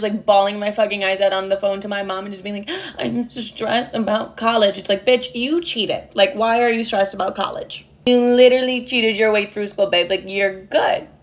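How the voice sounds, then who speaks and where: A woman's voice: mid-range voice, fairly bright tone. A woman in her twenties telling a storytime to camera, chatty and profane, with lots of "like" fillers. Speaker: storytime vlogger. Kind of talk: casual storytime monologue.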